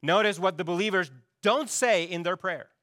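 A man's voice: sits high, moderate pace, fairly bright tone, dry recording, studio quality. A middle-aged man preaching a sermon, emphatic and asking his congregation questions as he goes. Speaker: pastor.

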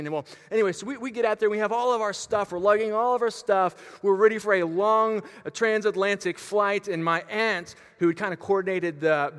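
Male pastor, lively storytelling sermon, slightly high voice, reverberant hall sound. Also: clear, resonant tone. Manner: animated, with frequent fillers and restarts. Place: church gym.

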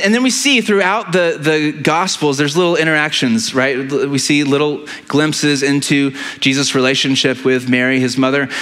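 A male pastor preaching a sermon in a conversational way, often restarting his phrases and filling pauses, with frequent tag questions to the congregation. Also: on the high side, sharp tone. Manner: halting delivery with many fillers and restarts.

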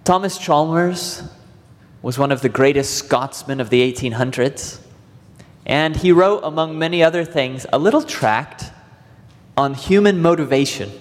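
A man's voice: a little high, unhurried, in a large hall. A man preaching a sermon as pastor, earnest and vivid, stretching out words for emphasis.

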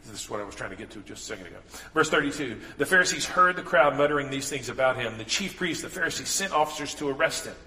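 Pastor, man, bright forceful voice, casual preaching style, echoey church hall. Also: medium pitch, lively intonation, fast. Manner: conversational preaching with asides and restarts. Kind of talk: sermon. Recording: echoey hall with long reverb.

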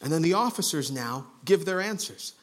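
A male pastor teaches through a Bible passage with an earnest, conversational delivery. His voice sits a little higher than most men's and falls quiet for emphasis. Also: lively intonation, moderate pace. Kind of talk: expository sermon.

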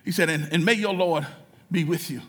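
A man preaching a sermon in a church, building from storytelling to shouted, fervent preaching. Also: on the high side, brisk.

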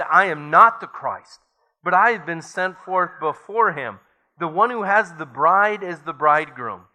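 A man's voice: on the high side, sharp tone. A man preaching a sermon as pastor, reading scripture aloud and building to emphatic points.

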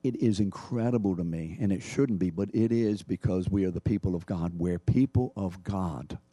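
A man preaching a sermon with forceful emphasis, his voice low and warm. He swings between rising, stressed phrases and quieter drops. The sound is close and dry. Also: moderate pace, no room sound. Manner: emphatic preaching, rising and falling in pitch and loudness. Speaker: pastor.

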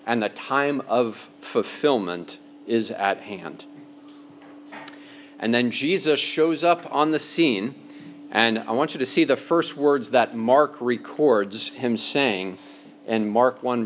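A man's voice: medium pitch, slight background noise. Conversational man preaching a sermon. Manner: conversational, slows down for emphasis. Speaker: pastor. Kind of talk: sermon teaching.

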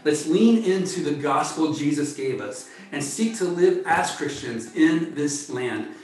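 A man preaching a sermon in an earnest, measured way, often appealing to his listeners as friends. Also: on the high side, expressive, darkish tone, faint music behind. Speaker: pastor. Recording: echoey room, distant mic.

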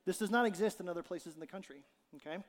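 A male pastor delivers a sermon with a lively, joking manner, slipping into little acted-out quotes. His voice sits high for a man. The sound carries a long reverb from a large church hall. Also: quick pace. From Ohio. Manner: animated, jokey, acts out quotes.

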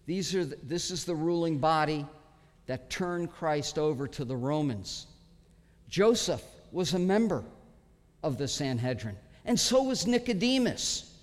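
A pastor giving an expository sermon, earnest and emphatic, pausing often as he teaches. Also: fairly high pitch, lively intonation. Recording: long hall reverb.

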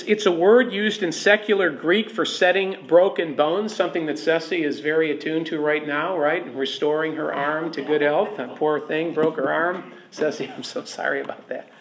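A man teaching a Bible class as pastor, chatty, checking in with the group for agreement as he goes. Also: a little high. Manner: chatty, asks the room for agreement. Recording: echoey room.

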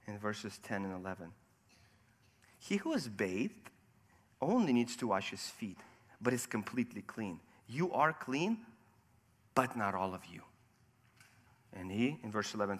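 A man's voice: fairly high pitch, fairly bright tone. A man preaching a sermon, walking through scripture verse by verse and asking rhetorical questions. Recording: long hall reverb.

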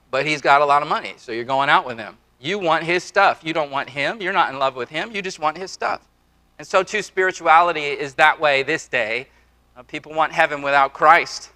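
Bright-voiced preacher man, earnest and repetitive. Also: fairly high pitch. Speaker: pastor. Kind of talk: sermon. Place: church before a congregation.

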